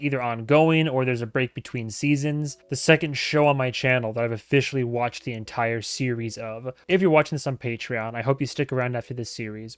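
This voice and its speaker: A man's voice: mid-range voice, no echo. A man hosting a reaction channel, talking casually to his viewers and stumbling through German phrases with a self-mocking laugh. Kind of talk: casual talk to camera.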